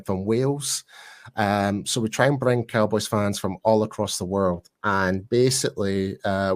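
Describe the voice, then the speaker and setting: A man with a Glaswegian accent, a podcast guest chatting casually with many fillers and restarts. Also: lowish voice. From Scotland. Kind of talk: casual chat.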